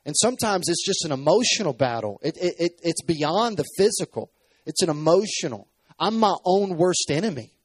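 A man's voice: fairly high pitch, animated, moderate pace, husky, dry recording. Man in his thirties preaching from a stage. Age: 30s. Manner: storytelling with acted-out dialogue. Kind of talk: sermon.

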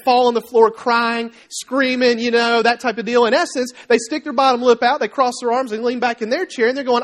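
A man preaching a sermon as pastor, telling everyday stories in a lively way, acting out the voices of people in them and asking his listeners questions. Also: very high-pitched, brisk. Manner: animated storytelling, acting out quoted voices; conversational, asks the congregation questions.

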